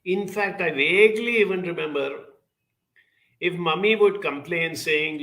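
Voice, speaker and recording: A man giving an earnest, reflective talk, telling a childhood story in a measured way with lively emphasis. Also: fairly high pitch.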